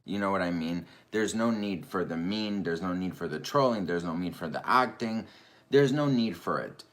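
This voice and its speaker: A man's voice: low-pitched, normal speed, a bit bright. A man making an indignant video, firing off rhetorical questions and repeating his points. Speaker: YouTuber defending himself.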